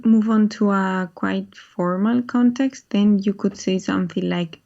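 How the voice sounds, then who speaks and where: Female co-teacher, mellow gravelly voice, calm, slightly muffled recording. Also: mid-range voice, a little slow. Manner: calm, gives example phrases. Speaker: language teacher. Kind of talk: explaining a language lesson. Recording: slightly dull lo-fi sound.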